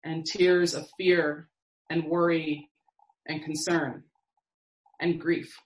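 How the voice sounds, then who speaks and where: Woman preacher, calm measured sermon delivery, recorded in a roomy space. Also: low voice. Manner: slow, measured, reflective delivery with long pauses.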